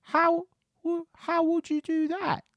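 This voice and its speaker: A man's voice: very high-pitched, monotone, slow pace, a bit bright, dry recording, pitched above the performer's own voice, exaggerated voice. A man voicing a chatty, loyal male beggar with a Cockney accent who speaks in sing-song rhymes. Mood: puzzled.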